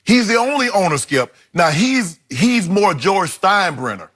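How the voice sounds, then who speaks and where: A man's voice: sits high, big pitch swings, measured pace, fairly bright tone. A man, co-hosting a sports debate show, making his points with colorful folksy analogies. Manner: colorful, folksy analogies, keeps addressing his co-host by name.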